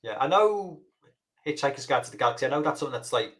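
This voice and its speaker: A man's voice: mid-range voice, lively intonation, fast talker, a bit bright. A man co-hosting a casual chat, blunt, sweary and opinionated, trailing off with fillers and restarts. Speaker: podcast co-host. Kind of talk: casual chat reacting to a countdown list.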